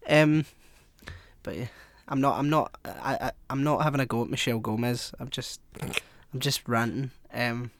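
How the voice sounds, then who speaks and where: A man's voice: mid-range voice, fairly even intonation, normal speed, dry recording. A Scottish man co-hosting a podcast, chatting casually with stumbling restarts and the odd swear. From Scotland. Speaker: podcast co-host. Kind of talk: casual chat.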